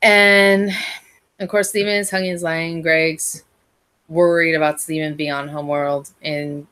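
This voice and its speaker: A woman's voice: low-pitched, flat delivery, a little slow, a bit bright, smooth. A woman giving a casual, rambling recap of an episode as a fan reviewer, often restarting and correcting herself.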